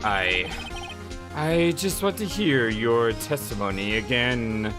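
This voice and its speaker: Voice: mid-range voice, animated, takes it slowly, pitched below the performer's own voice. A flustered young defense lawyer in a courtroom game, voiced by a player reading along, stammering and grasping for words. His voice jumps around, with game music behind.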